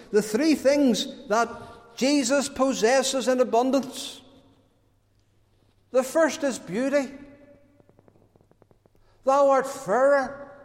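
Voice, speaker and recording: High-voiced emphatic preacher. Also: male voice. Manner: emphatic, lingering on key words. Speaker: pastor. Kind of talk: sermon. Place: church. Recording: church hall reverb.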